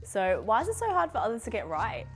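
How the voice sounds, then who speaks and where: A woman's voice: fairly high pitch, sing-song, fast, soft background music. A woman narrating a scripted explainer video with a lightly wry touch.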